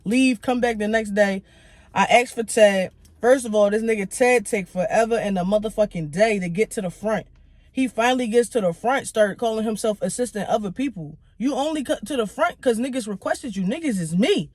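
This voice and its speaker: A young adult storytime vlogger rants casually, telling an irritated, profane story in a heated, animated way and acting out other people's lines. The voice is medium-pitched and brisk, with no room sound.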